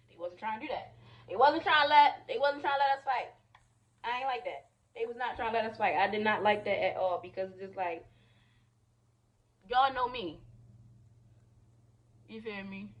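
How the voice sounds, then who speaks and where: A young woman vlogger telling a storytime while doing her makeup, animated and chatty, often saying "y'all" and "you feel me". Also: medium pitch, lo-fi sound.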